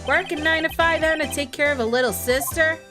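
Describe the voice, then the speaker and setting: A woman voicing a goofy, excitable young man who talks loud and boastful, over game music. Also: sits high, quick pace, voice pushed up, natural voice. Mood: excited.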